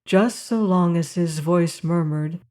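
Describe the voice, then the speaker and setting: A woman narrating a novel aloud in a calm, measured storytelling manner. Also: fairly low pitch. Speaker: audiobook narrator. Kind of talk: scripted narration.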